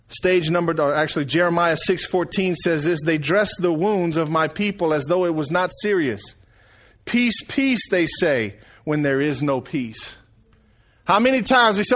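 Folksy preacher man, high voice. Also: measured pace, long pauses, fairly bright tone. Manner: folksy, conversational preaching with call-outs to the congregation. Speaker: pastor. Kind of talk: sermon.

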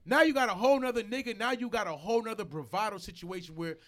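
A man's voice: high-pitched, fast talker, a bit bright. A man hosting a casual podcast, arguing heatedly, swearing and repeating himself when fired up. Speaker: podcast host.

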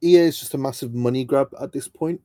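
A young man co-hosts a casual podcast chat with a very dark, mellow voice, recorded dry and close. He speaks bluntly and swears freely. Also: mid-range voice, fast, dry recording. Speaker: podcast co-host.

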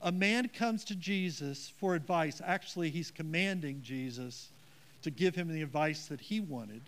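A man's voice: on the high side, expressive, moderate pace, a bit bright. A man preaching a sermon as pastor, earnest and emphatic, with a self-deprecating touch.

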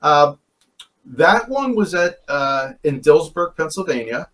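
A man's voice: a little high, very animated, slow, a bit bright. A man telling stories from paranormal investigations in casual chat, rambling and often correcting himself. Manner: rambling, self-correcting, chuckles. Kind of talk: casual storytelling.

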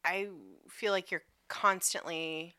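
Low, bright casual woman telling stories. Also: steady tone, slow, clear, resonant tone, no echo, clean studio sound. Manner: profane, storytelling with lots of "like". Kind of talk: casual chat.

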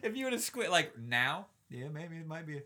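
Fast-talking, bright-voiced man chatting. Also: fairly high pitch. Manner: profane, animated, laughs often. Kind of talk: casual chat.

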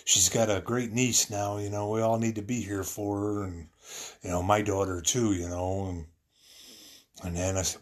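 Deep-voiced man telling an emotional story. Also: steady tone, normal speed. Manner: rambling, filler-heavy, earnest. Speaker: husband telling a personal story.

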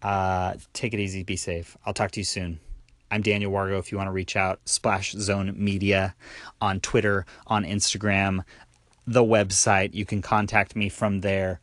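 A man's voice: deep voice, little pitch movement, normal speed, a bit bright, no room sound, studio quality. A tired young man hosting his own solo podcast, talking candidly in a rambling way with fillers and restarts. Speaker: podcast host.

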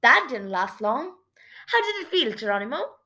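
A woman reading aloud and voicing a bold, mischievous female mouse with an eager, squeaky manner. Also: sing-song, moderate pace, pushed and bright, heavily acted.

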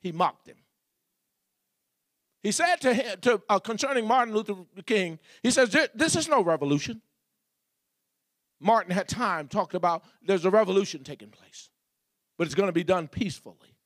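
A man's voice: sits high, moderate pace, no room sound, clean studio sound. A man preaching a sermon as pastor, building repeated refrains and asking the congregation questions.

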